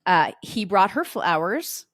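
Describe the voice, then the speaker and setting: A woman's voice: medium pitch, big pitch swings, takes it slowly, a bit bright, no room sound, clean studio sound. A middle-aged woman hosting a homeschooling podcast, chatting casually and telling family stories as she acts out the dialogue. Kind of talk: casual anecdotal talk to listeners.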